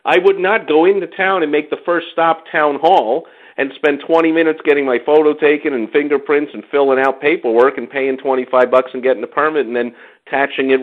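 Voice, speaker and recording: A man hosting a talk show, telling stories in a lively, chatty way and acting out other people's voices when he quotes them. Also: medium pitch, narrow, tinny audio. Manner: animated storytelling, mimics others in quotes. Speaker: podcast host. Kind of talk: casual chat.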